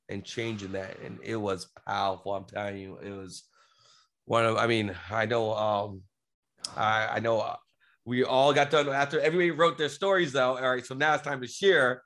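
A man's voice: mid-range voice, steady tone, moderate pace, fairly bright tone. A man, a podcast guest, telling a personal family story in an earnest, rambling way with many restarts. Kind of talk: casual storytelling.

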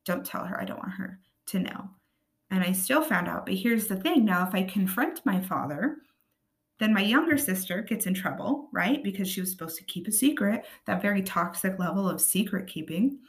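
A woman with a raspy voice hosting a podcast, talking earnestly and often checking in with her listeners. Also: medium pitch, animated, normal speed. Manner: earnest, checks in with tag questions like "right?" and "okay?". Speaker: podcast host. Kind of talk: casual podcast monologue.

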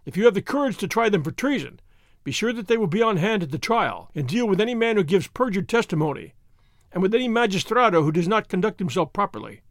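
A man's voice: high-pitched, big pitch swings, quick pace, no echo, studio quality. A man voicing a proud young noble horseman leader in an audiobook reading, speaking in a stern, declaiming way.

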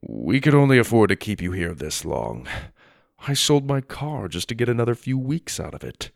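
A man's voice: lowish voice, sing-song, normal speed, vocal fry, dry recording, clean studio sound. A man voicing a bewildered father who speaks in a hesitant, apologetic way in a storybook reading.

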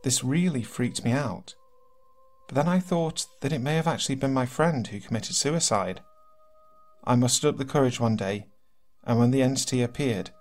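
A man reading submitted horror stories aloud as narrator, in steady, earnest storytelling. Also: medium pitch. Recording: faint music behind.

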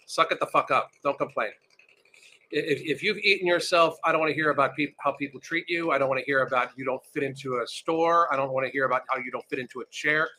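A man's voice: mid-range voice, fairly quick, pushed and bright, slight background noise. A man hosting reaction commentary, ranting bluntly and swearing often. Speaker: commentary host.

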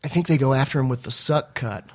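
A man's voice: medium pitch, fast talker. A man in casual comedic chat on a podcast, riffing and jumping into silly voices. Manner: jumps into silly put-on voices. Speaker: podcast co-host.

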